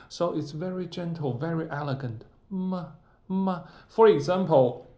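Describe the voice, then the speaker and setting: A man teaching Mandarin in short lessons, repeating each sound slowly to demonstrate pronunciation. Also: medium pitch, roomy sound. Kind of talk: short-form language lesson.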